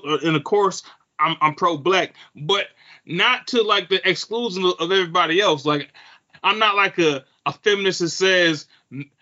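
Dude with a bright tense voice cussing through his opinions, kinda higher pitched, muffled audio. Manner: profane, opinionated, quick asides. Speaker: podcast co-host. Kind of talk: casual chat.

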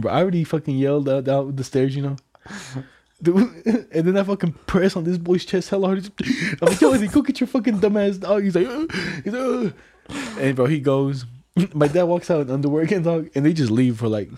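Laid-back young man with a dark voice. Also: fairly high pitch, brisk. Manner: slangy storytelling, laughs often. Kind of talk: casual chat.

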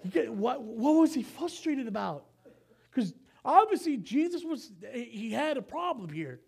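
A man's voice: extremely high pitch, sing-song, measured pace, vocal fry, darkish tone, breathy edge. Male pastor preaching, loose and chatty, keeps stopping to fix what he read. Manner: casual and conversational, with frequent fillers, asides and self-corrections. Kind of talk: sermon.

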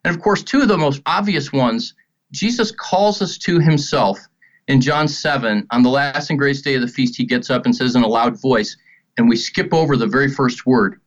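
A man's voice: medium pitch, normal speed. Earnest middle-aged man, dull lo-fi sound. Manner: earnest, storytelling, animated quotes. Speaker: ministry leader. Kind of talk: conversational Christian teaching.

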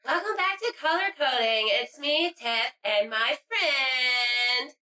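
A woman's voice: sits high, slow, pushed and bright, faint music behind, full character voice. A woman playing a gossipy, crude teenage girl who giggles and says "like" a lot. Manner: giggly, valley-girl filler "like".

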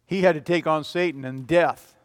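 A man preaching a sermon as a pastor, emphatic, swinging between loud declarations and quiet, low passages. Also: normal speed, big-room sound. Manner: emphatic, rising and falling in volume.

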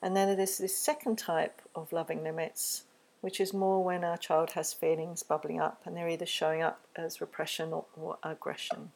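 Woman doing a parenting podcast, husky and low, calm gentle teaching voice. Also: normal speed, poor audio. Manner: gentle, soothing, softens into hushed tones when modeling words to a child. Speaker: podcast host, parenting educator. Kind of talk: calm instructional podcast talk.

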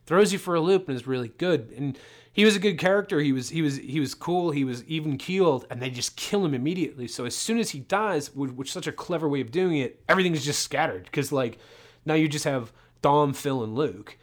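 A man co-hosting a casual movie discussion, excited and swearing freely as he recaps the plot. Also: fairly high pitch, brisk. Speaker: podcast co-host.

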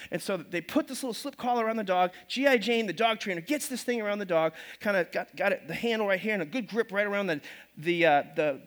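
A male pastor with a very high, bright, forceful voice preaches to his congregation. He tells stories in a lively way, acts out the characters' voices and sometimes gets loud. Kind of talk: sermon with storytelling.

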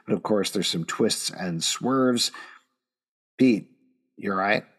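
Man, podcast host, brisk, segment intros, casual review. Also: fairly low pitch, fairly bright tone, slightly rough. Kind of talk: reading out comic credits and reviews.

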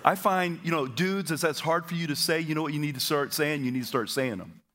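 Speaking on the high side, a pastor energetically leads his congregation in a church auditorium, getting them to say phrases back to him. Stammered repeats and quick asides run through the sermon.

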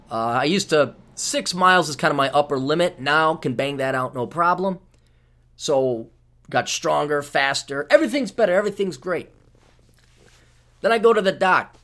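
A man, hosting a podcast and telling a profane, rambling story in a casual monologue. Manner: profane, rambling storytelling with big swings in pitch and loudness. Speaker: podcast host.

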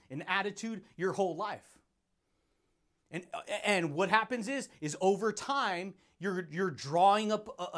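Male podcast host, high pitch, pumped-up motivational rant, laughs often. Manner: energetic, laughing, calls listener dude and baby. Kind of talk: hyped motivational monologue.

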